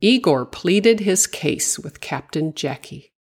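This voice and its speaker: A woman reading a children's story aloud, with expressive, sing-song narration. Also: fairly low pitch, takes it slowly, husky.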